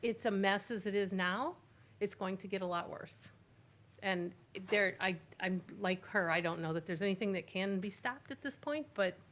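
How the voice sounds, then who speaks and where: A woman's voice: medium pitch, fairly bright tone. A woman giving public comment at a city council hearing, emphatic and insistent, repeating her points. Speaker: resident speaking at public hearing.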